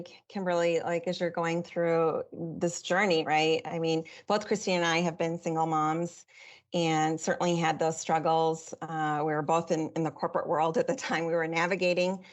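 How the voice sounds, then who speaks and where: A woman's voice: lowish voice, fairly even intonation, normal speed. A woman co-hosting a podcast interview, reflecting on and affirming a guest's story. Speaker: co-host.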